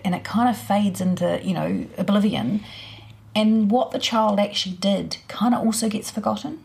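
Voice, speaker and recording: A woman speaking as a parenting expert, explaining in a relaxed, practical, conversational way. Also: medium pitch, moderate pace, vocal fry. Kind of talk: explanatory interview talk.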